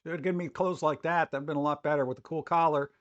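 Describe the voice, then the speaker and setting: A man's voice: on the high side, steady tone, fast, no echo, lo-fi sound. A man chatting casually on a live stream, rambling, swearing freely and often laughing.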